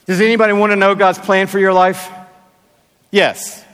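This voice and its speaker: A pastor in his sixties preaching a sermon in a large arena, with emphatic, drawn-out phrasing and playful asides. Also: sits high, level tone, a bit bright, clean tone. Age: 60s. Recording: long arena reverb.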